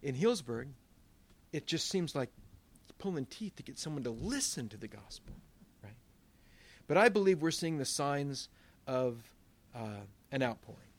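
A man, a pastor, preaching a sermon in a conversational way, with asides and quick backtracks. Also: medium pitch.

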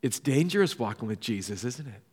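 A man from Southern California preaches a sermon in a lively storytelling way, sinking to a quiet hush on key points. His voice sits at a middle pitch. It rings with the long reverb of a large hall. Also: a little fast, slightly rough. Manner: storytelling, drops to a soft hush for emphasis. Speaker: pastor.

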